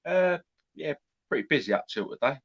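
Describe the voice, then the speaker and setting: A man chatting on a video call, giving brisk short replies and stumbling into his points. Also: on the high side, lively intonation, vocal fry, slightly rough, no room sound, lo-fi sound. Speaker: regular panelist. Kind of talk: casual chat.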